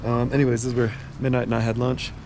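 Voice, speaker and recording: This young man, a thru-hiker, speaks fast and flat in a mid-range voice while narrating a hiking vlog outdoors. He rambles casually, leaning heavily on filler words, as he walks a mountain trail by a highway. Wind, traffic and general outdoor noise are audible.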